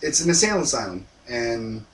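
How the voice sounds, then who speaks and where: A man's voice: very animated, moderate pace, a bit bright. A young man co-hosting a movie review, retelling the plot in casual chat with lots of fillers. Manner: rambling retelling, filler-heavy, acts out lines in a high voice. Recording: echoey room from far off, faint noise.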